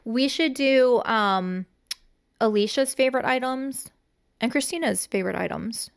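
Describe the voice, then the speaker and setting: A woman's voice: a little high, measured pace, creaky, smooth. A woman with an East Coast American accent, co-hosting a podcast in casual, enthusiastic chat and swearing freely. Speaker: podcast co-host.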